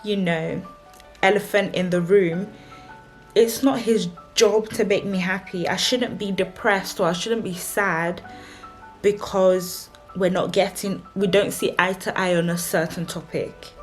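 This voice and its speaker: A woman's voice: mid-range voice, steady tone, measured pace, soft background music. A young woman, a married vlogger giving chatty, emphatic relationship advice and repeating her warnings. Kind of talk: casual advice talk to camera.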